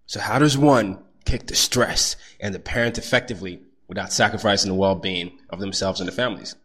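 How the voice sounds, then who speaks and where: A young adult man hosting a podcast interview, animated, laughing easily, with frequent fillers. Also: fairly low pitch, fairly quick, husky. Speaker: podcast host.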